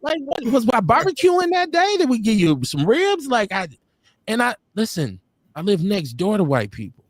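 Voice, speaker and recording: A man's voice: high voice, very animated, moderate pace, dry recording, clean studio sound. A man co-hosting a live-stream talk show, talking casually with a blunt, profane, laughing manner. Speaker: podcast co-host. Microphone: streaming call.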